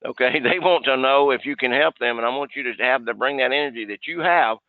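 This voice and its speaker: A man coaching sales staff on a conference call in an energetic, folksy way, often repeating himself. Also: medium pitch, fairly quick, no echo. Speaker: sales trainer. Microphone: conference call line. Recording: tinny phone line.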